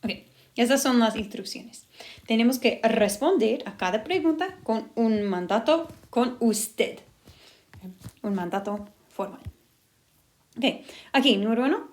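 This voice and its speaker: A woman's voice: fairly high pitch, lively intonation, moderate pace, pauses often, darkish tone. A woman teacher walking through a recorded lesson step by step, upbeat and encouraging.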